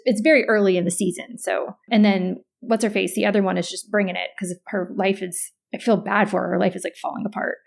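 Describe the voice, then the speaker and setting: A woman co-hosting a podcast, chatting casually and thinking out loud. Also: mid-range voice. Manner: conversational, thinks aloud. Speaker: podcast co-host. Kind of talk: casual chat.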